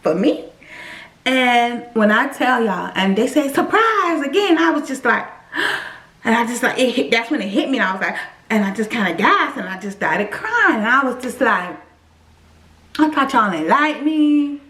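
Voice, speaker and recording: A woman telling her own story to viewers in a casual, animated way, often speaking to them directly. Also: fairly high pitch, normal speed. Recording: echoey room.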